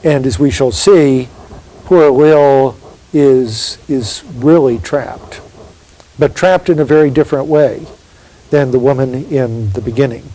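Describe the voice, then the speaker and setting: A man giving a university literature lecture, reading poetry aloud slowly and emphatically and posing rhetorical questions. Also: mid-range voice, mellow, poor audio.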